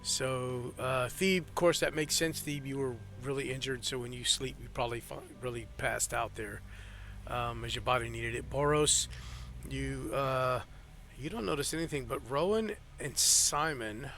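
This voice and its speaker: A man's voice: medium pitch, moderate pace, pushed and bright, a little hiss or hum. A man narrating as game master of a tabletop game, rambling with fillers and restarts.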